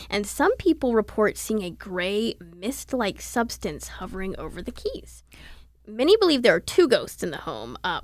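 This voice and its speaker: A woman's voice: medium pitch, vocal fry, no room sound. A woman reporter on a podcast, telling local legends and history in a detailed, storytelling manner.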